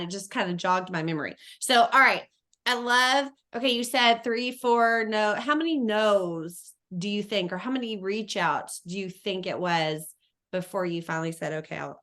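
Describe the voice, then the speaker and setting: A woman's voice: medium pitch, fairly bright tone. A woman hosting a call, chatting casually and acting out what people said with laughs. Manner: chatty, acts out quotes, laughs between lines. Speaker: host. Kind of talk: casual chat.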